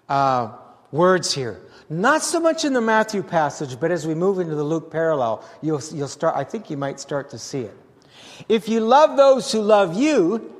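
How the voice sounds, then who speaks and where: Animated older man preaching in a hall. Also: high voice. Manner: animated preaching with asides to the congregation. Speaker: pastor. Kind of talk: sermon. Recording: long hall reverb.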